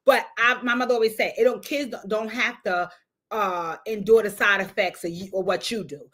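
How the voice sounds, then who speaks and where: A woman hosting a casual livestream, telling a loud, profane, animated story to her viewers. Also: mid-range voice, moderate pace. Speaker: show host.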